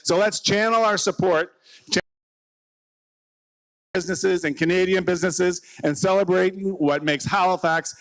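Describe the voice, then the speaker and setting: A man who is a mayor giving a rousing speech at an outdoor rally, building up to shouted cheers. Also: high-pitched, steady tone, moderate pace, pauses often, poor audio.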